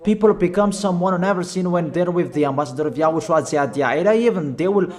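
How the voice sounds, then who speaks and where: A man preaching a sermon in halting non-native English, urging his listeners with short, repeated commands and pausing on fillers. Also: high-pitched, darkish tone. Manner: emphatic, repetitive exhortation with short commanding phrases.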